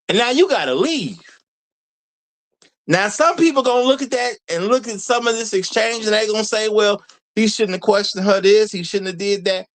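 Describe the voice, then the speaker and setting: A man hosting a live commentary show, riffing straight to his viewers. His voice sits high for a man and swings widely in pitch. He hammers each point home by saying it again. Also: dry recording, rough recording. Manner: animated, repeats lines for emphasis, addresses viewers as y'all.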